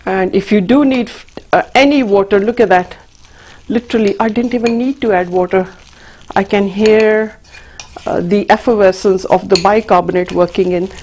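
A woman's voice: medium pitch, normal speed, darkish tone, a little hiss or hum. A woman hosting a cooking demonstration, chatting to viewers as she works. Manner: chatty, addresses viewers as folks. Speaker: cooking show host.

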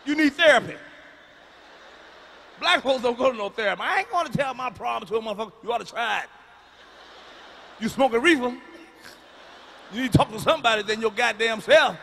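Loud cussing comic guy, high bright voice, live stage mic with faint hiss. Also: fairly quick, vocal fry, long pauses. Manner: profane, emphatic, shouting punchlines. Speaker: stand-up comedian. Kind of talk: stand-up comedy routine. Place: large concert venue.

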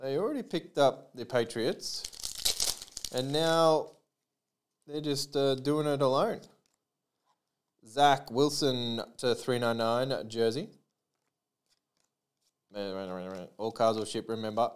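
A man's voice: medium pitch, takes it slowly, pauses often, slight background noise. A man hosting a live trading card break, calling out player names and serial numbers with chatty asides to his viewers.

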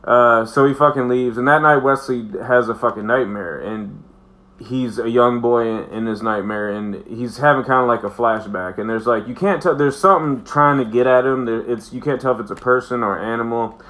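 A man's voice: mid-range voice, normal speed, fairly bright tone. A man giving a casual, profane, rambling recap of a show for his channel, full of fillers. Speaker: video reviewer.

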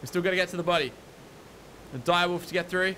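Young man, very high voice, bright and forceful, let's play commentary, exasperated, repeats lines. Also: fast, slight background noise. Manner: panicked, exasperated, repeats himself. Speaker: gaming YouTuber.

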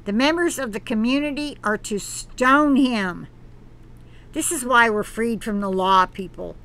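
Woman, channel host, reads an article aloud slowly with preachy asides; bright, fairly high voice. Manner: earnest, preachy asides between read passages; halting, with restarts. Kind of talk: reading an article aloud with commentary.

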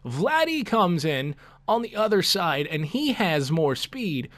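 A man's voice: sits high, very animated, takes it slowly, fairly bright tone, no echo. A young man commentating his video game play, frustrated and profane, ranting about his team. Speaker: gaming commentator.

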